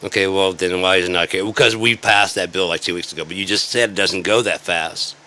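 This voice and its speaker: A deep, forceful male voice delivering a sarcastic, rambling rant. He swears freely and jumps from point to point like an online commentator sounding off. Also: fairly even intonation, quick pace. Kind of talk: ranting commentary.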